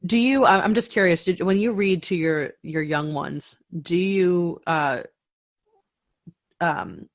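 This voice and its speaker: A woman hosts a relaxed interview and trades stories with her guest. She asks curious follow-up questions in an easy, conversational voice. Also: on the low side, slow, dry recording, clean studio sound. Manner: curious, shares anecdotes, asks follow-ups. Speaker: podcast host. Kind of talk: casual interview chat.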